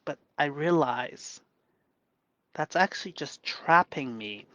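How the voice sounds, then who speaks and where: A man in a reflective live monologue, speaking gently and softly in a deliberately lowered voice, thinking aloud with pauses and restarts. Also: expressive, dry recording, rough recording. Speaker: self-coaching vlogger.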